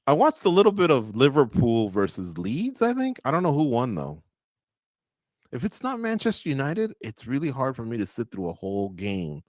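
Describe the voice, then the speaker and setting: A male radio co-host talks fight sports in a loose, chatty way. He tells stories with lively quoted voices and laughs along at his own jokes. His voice sits at an ordinary male pitch and sounds dry and close, with no room echo. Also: normal speed. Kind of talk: casual sports chat. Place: studio.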